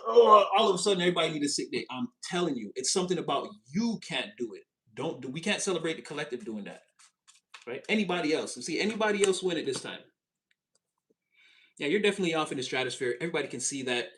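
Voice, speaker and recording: A man giving a casual, animated tarot reading, chatty and expressive and quick to laugh. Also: a little high. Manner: animated, chatty, swings into voices, laughs often. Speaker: tarot reader.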